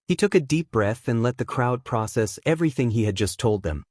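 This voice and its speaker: A man narrates a fan-written story at a steady, even reading pace. His voice sits at an ordinary male pitch. The recording is dry and close, with no room sound. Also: fairly quick, few pauses, no echo. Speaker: fanfiction narrator.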